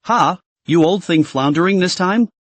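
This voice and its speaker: A man's voice: sits high, normal speed, no echo. A man voicing an arrogant, tipsy, boastful rich young man with a swaggering manner. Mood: smug.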